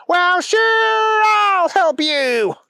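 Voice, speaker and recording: A man voicing an eager, simple-minded buddy in a very high, squeaky storybook voice. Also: animated, drawn-out words, gravelly, sharp tone, no echo, clean studio sound, heavily acted.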